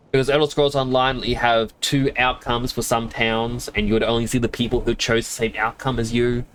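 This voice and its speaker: A man's voice: medium pitch, level tone, a little fast, hardly any pauses, fairly bright tone, clean tone. Rambling, self-amused male streamer. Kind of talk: casual chat while gaming.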